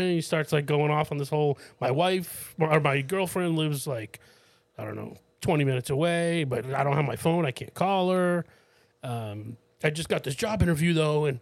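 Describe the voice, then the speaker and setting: In a relaxed podcast conversation, this male co-host animatedly recounts a story, voicing the quoted characters at a higher pitch. He swears casually and restarts a lot. His pace is normal and the recording is dry.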